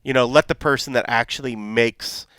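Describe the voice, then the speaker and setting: A man's voice: mid-range voice, steady tone, normal speed, a bit bright, smooth, dry recording. Man, podcast co-host, loose joking chat, frequent swearing, dry close sound. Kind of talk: casual chat.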